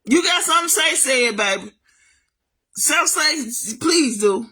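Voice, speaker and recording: Fired-up woman ranting on camera about family, high bright voice, keeps calling the listener baby. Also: expressive, unhurried. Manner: heated, calls the listener baby, swings loud and high. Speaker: vlogger. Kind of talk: emotional family rant to camera.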